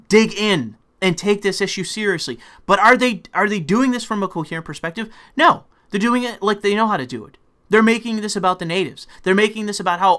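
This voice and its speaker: This high-pitched young man rants about politics as a commentator, his anger and profanity spilling over into shouted bursts.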